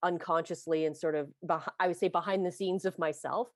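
A woman host asks gentle questions in a slightly low voice, full of enthusiasm, often stopping and restarting her sentences. The recording is dry and close. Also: steady tone, no room sound. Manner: warm, effusive, halting restarts. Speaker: podcast host. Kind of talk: conversational interview.

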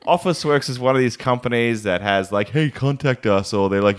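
An Australian comedian chatting casually at a middle pitch. He tells a rambling story, swears freely and keeps jumping into high put-on voices for the people in it. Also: a little fast. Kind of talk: casual comedic chat, acting out imagined conversations.

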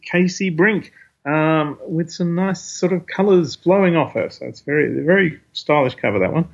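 A man's voice: on the high side, normal speed, vocal fry, husky. A man hosting a podcast, casually recapping a comic issue in a rambling way, with many fillers and quotes read aloud. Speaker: podcast host reviewing comics. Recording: dull lo-fi recording.

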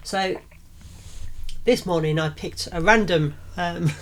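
A woman's voice: fairly low pitch, slow, slight background noise. A woman co-hosting a casual faith podcast, chatty and rambling, often laughing between thoughts. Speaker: podcast co-host.

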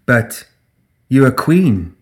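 An earnest, fiercely loyal tree-spirit servant woman, put on by a man in an audiobook. Her voice runs a little higher than the narration, eager and pleading with a hard edge. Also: sing-song, extremely slow.

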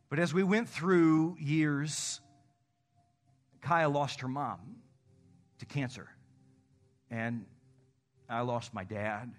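A man preaching a conversational sermon as pastor, telling candid stories about himself and slowing into a soft, earnest prayer. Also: medium pitch. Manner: candid, self-deprecating storytelling; acts out phone calls in animated voices.

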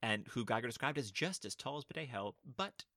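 Guy cohosting a film podcast, super bright voice, dry close mic, jokey. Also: medium pitch, animated, fairly quick, no room sound. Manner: playful, laughs often, slips into silly put-on voices. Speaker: podcast co-host. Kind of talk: casual chat.

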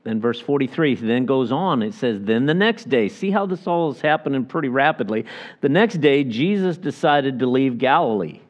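Male pastor doing a chatty bible teaching, middle pitch voice, kinda muffled lo-fi recording. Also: lively intonation, moderate pace. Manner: conversational, folksy Bible teaching with restarts and quoted voices. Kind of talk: sermon.

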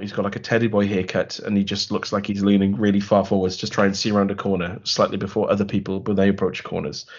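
A man with a husky voice recaps a film in a rambling, sarcastic way for a casual podcast. He sounds dry and amused. The audio is dull and lo-fi. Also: fairly low pitch. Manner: wry, rambling, sarcastic storytelling. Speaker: podcast co-host. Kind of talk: casual film review chat.

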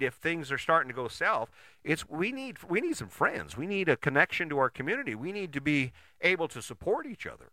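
Man, casual motivational rant, profane and blunt, bright sharp tone, very animated pitch. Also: no room sound, clean studio sound. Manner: rhetorical questions, restarts.

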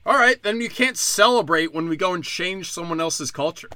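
A young man rants in a sharp, forceful voice that sits a little high for a man. He is crude, angry and sarcastic, sneering through profane commentary. The sound is close and dry. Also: animated, moderate pace, no echo.

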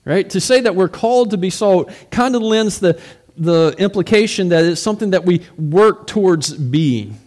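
A man's voice: sits high, animated, normal speed, darkish tone. A man, a pastor, preaching a sermon in a conversational way, asking rhetorical questions and often repeating words as he goes.

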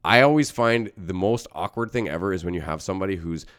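Low-voiced laid-back man. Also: fast, fairly bright tone, dry recording. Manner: laid-back, swears casually. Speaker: podcast host. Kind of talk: casual chat.

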